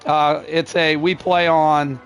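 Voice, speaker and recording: An older man livestreams a video game, narrating his moves and replying to chat in a gruff, curmudgeonly voice while insisting he isn't angry. He often stops mid-phrase and starts over with a chuckle. His voice sits a little high with little pitch movement and a fairly bright tone, over soft background music.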